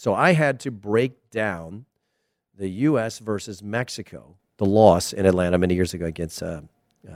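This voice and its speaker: Low voiced american guy rambling about a match, gets animated and emphatic, dry close mic. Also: no room sound. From United States. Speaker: soccer commentator, former player. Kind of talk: casual commentary monologue.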